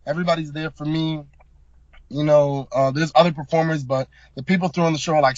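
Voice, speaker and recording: A young man from South Florida recounts a story in casual, slang-heavy talk, punching key words with emphasis. His voice sits a little higher than most men's. The sound is dull and bone-dry, as if recorded on modest gear in a deadened room. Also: steady tone, moderate pace, dry recording. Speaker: guest, hip hop artist.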